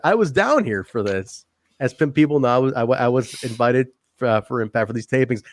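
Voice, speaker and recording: A man co-hosting a laid-back wrestling podcast, talking in a joking, animated way and laughing often. His voice sits in a middle register and sounds dry and close. He swears casually as he talks. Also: mid-range voice, brisk, no room sound. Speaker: podcast co-host. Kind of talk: casual wrestling review chat.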